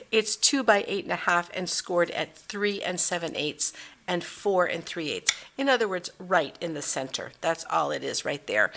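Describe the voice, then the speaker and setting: Woman doing a card-making tutorial, kinda gravelly low voice, chatty, lots of ums. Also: a bit bright. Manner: chatty, thinking aloud with fillers. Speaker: papercraft demonstrator. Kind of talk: casual craft tutorial.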